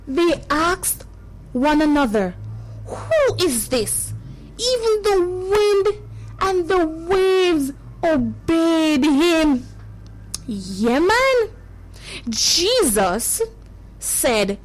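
A woman's voice: high voice, sing-song, poor audio. A woman telling a Bible story to children in a dramatic way, gasping and exclaiming as she goes. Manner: slow and drawn out.

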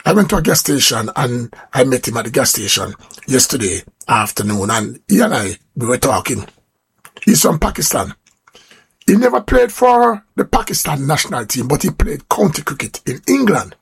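A man's voice: medium pitch, big pitch swings, normal speed, breathy edge. A Jamaican man hosting a radio talk show, delivering an emphatic, conversational monologue full of "you know".

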